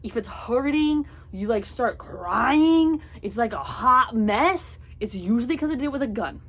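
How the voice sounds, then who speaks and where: A young woman telling a storytime vlog story in an animated way, acting out the voices of the people in it. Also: a little high, measured pace, slight background noise. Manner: animated, acts out voices in her stories. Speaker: vlogger.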